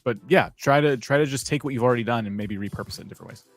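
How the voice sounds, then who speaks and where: Relaxed man giving casual channel advice. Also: medium pitch, racing, faint music behind. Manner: relaxed, lots of "like" fillers. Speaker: co-host giving channel feedback.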